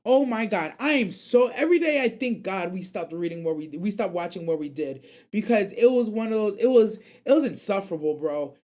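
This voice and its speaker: A man's voice: high-pitched, expressive, a little fast, few pauses, darkish tone. A young man hosting an anime call-in radio show, chatting casually and reading viewer comments in loose, slang-heavy rambles.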